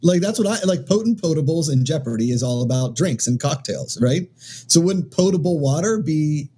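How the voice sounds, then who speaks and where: A man's voice: on the high side, animated, moderate pace, dark tone, breathy edge. A man co-hosting a casual comedy chat show, rambling through stories with lots of fillers and laughing easily. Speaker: co-host.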